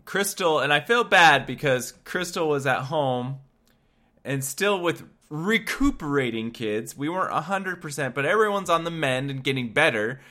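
Lively joking man in casual chat. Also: a little high, normal speed. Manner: joking, playful asides. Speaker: podcast co-host.

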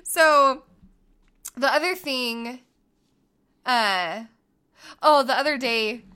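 A woman in her thirties co-hosting a casual chat, a stay-at-home mom who tells animated stories and acts out the voices. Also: sits high, extremely slow, clear, resonant tone. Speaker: podcast co-host.

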